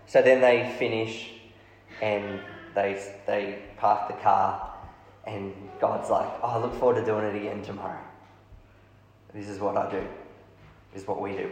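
A man preaching a storytelling sermon, lively, acting out the dialogue of the people in his story. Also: medium pitch. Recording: echoey hall, heavy reverb.

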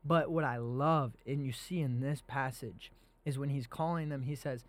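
A man's voice: mid-range voice, moderate pace. A young man hosting a casual faith podcast, talking earnestly and animatedly about scripture. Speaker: podcast host.

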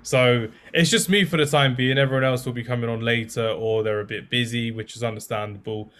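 A man's voice: mid-range voice, fairly even intonation, a little fast, a bit bright. A man hosting a casual football podcast, chatty and self-deprecating, with many fillers. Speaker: podcast host.

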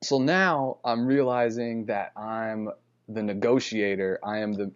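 A man's voice: fairly low pitch, steady tone, a little slow, clear, resonant tone, dull audio. A man telling a story in a rambling, casual way, often correcting himself and chuckling. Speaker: podcast host.

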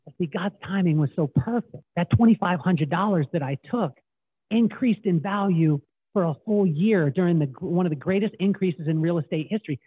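A middle-aged man guest, telling stories in an animated way and acting out quotes. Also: sits high, a little fast, breathy edge, no echo. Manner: animated storyteller, acts out quotes. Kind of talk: casual storytelling interview. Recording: tinny phone-like line, dry.

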